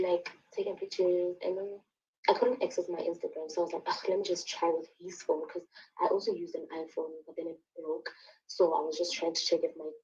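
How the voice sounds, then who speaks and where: A young woman from Lesotho telling her own story in a casual, animated way, acting out the quotes and saying "like" and "sharp" often. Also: fairly low pitch, distant mic, muffled recording.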